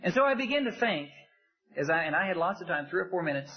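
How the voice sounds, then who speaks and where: A man preaching a sermon with impassioned rhetorical questions, swinging between loud emphasis and hushed asides. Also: high-pitched, sing-song, fast talker, highs cut off, a little hiss or hum.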